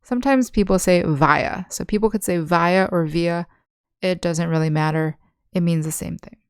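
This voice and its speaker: Patient, gravelly-voiced woman teaching English. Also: on the low side, a little mellow, no room sound, studio quality. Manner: patient, explains slowly with examples. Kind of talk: online language lesson.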